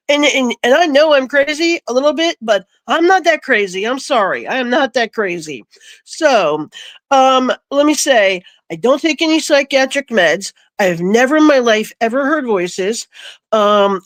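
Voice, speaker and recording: A middle-aged woman on a podcast, retelling her own story. Her voice sits a little high and she talks in an animated, breathless rush, leaning on "like" as filler. The recording is dry and close, with no room sound. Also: dry recording. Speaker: podcast guest. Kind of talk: personal storytelling.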